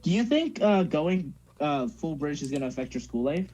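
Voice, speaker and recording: A teenage guy chatting on a podcast, teasing and rambling with plenty of filler words. His voice sits fairly high and swings up and down a lot, with a husky edge. The sound is dull and lo-fi. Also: sing-song, brisk, dark tone. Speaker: podcast co-host. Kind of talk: casual chat.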